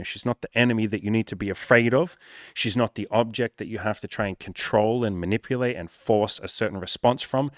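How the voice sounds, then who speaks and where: Low-voiced guy coaching on dating, swears a lot, upbeat and blunt, dry close mic. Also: no room sound. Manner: blunt, profane, energetic. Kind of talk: casual direct-to-camera advice.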